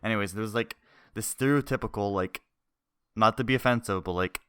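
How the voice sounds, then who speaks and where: A young man with a lowish, smooth and clear voice tells a long story in loose podcast chat. He rambles, swears freely and laughs as he goes. The sound is dry and close. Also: fairly quick, fairly bright tone, no echo. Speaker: podcast co-host.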